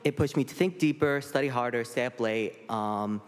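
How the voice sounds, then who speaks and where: A man's voice: medium pitch, moderate pace, smooth. A teenage boy delivers a prepared speech thanking a teacher, earnest with touches of humor. His voice is mid-range. The sound carries a long reverb from a large hall. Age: teens. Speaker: high school senior honoring a teacher. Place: large auditorium.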